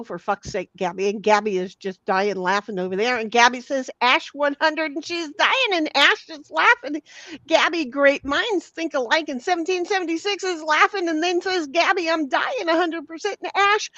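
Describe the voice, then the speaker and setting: A woman's voice: high-pitched, a bit bright, no room sound. A woman hosting a livestream, reading viewer comments aloud in a bawdy, giggly, teasing casual chat. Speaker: livestream host. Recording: dull lo-fi dry sound.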